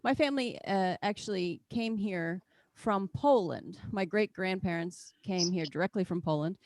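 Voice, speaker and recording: A woman's voice: medium pitch, moderate pace, darkish tone, no room sound. An American woman performs stand-up over a video call, talking in a chatty, self-deprecating way. She laughs at her own lines now and then, and the sound is close and dry with no room around it. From United States. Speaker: stand-up comedian. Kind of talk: stand-up set.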